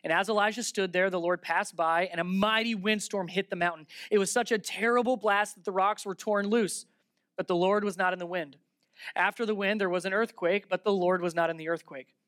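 Pastor, sermon, emphatic, rhetorical questions, middle pitch, dry close sound. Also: steady tone, brisk, a bit bright, no room sound.

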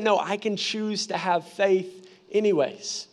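High-voiced young man preaching with humor. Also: slow pace. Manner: animated, humorous, conversational preaching. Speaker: pastor. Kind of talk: sermon with personal storytelling.

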